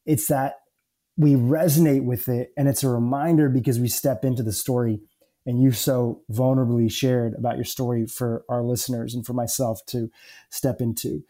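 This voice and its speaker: A man hosting a podcast interview, calm and reflective, also reading a disclaimer in a soft, even way. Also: mid-range voice, normal speed. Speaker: podcast host.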